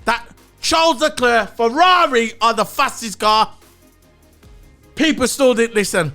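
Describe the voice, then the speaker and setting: A man's voice: extremely high pitch, measured pace, pauses often, bright, forceful tone, soft background music. A man giving a blunt, opinionated solo review of a race, swearing and repeating his points. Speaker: motorsport commentator.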